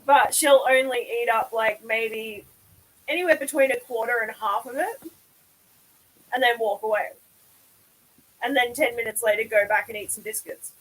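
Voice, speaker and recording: A woman's voice: a little high, normal speed, pauses often, a bit bright, poor audio. A woman chatting casually on a live stream. She swears freely and laughs often.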